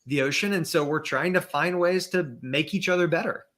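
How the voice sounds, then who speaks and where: A man's voice: fairly high pitch, a little fast, fairly bright tone. A man as a podcast guest in casual conversation, thinking aloud with many fillers and restarts, over a video call.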